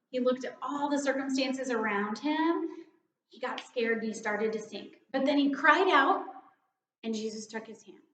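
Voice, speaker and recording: A woman's voice: sits high, a bit bright, a little hiss or hum. Earnest woman giving an echoey devotional talk. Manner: earnest, conversational, reflective. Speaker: children's ministry director giving a devotion. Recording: echoey room, slightly dull sound.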